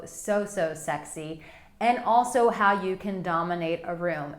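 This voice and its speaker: A woman dating coach giving advice to men straight to camera, animated and playful, acting out little quotes and stretching words for emphasis. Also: mid-range voice, echoey room. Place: Monaco.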